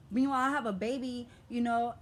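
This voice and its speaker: A woman's voice: on the high side, steady tone, a little slow. A young woman with an American urban vernacular accent, venting in a vlog, talking in a passionate, aggressive, profane way. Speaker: vlogger. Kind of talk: emotional vlog rant.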